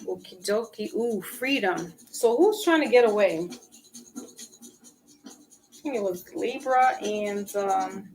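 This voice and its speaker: A woman's voice: mid-range voice, expressive, slow pace, long pauses, a little mellow, a little hiss or hum, poor audio. A woman giving a casual tarot reading to her viewers, chatty and talking to people in the chat by name. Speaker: tarot reader. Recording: music playing behind.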